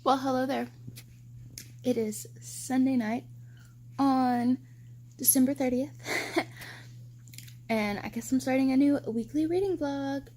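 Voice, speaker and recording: A woman's voice: sits high, slow, long pauses, mellow, a little hiss or hum. A young woman book vlogger talking casually to her viewers, ranting and swearing freely. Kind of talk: casual reading vlog.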